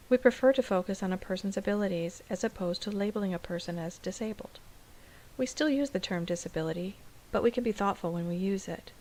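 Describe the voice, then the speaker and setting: A woman special education teacher explaining things in a calm, measured, scripted dialogue. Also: mid-range voice, low-quality recording.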